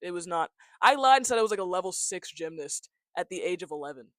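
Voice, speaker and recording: A congested young man of nineteen jokes and mocks himself in a loose, chatty vlog, his voice sitting high. He holds a tiny mic close, so the sound is dry and very near, with no room around it. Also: quick pace, dry recording. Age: young adult. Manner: joking, self-mocking, animated. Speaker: vlogger. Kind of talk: casual talking-head chat. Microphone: small handheld mic, close.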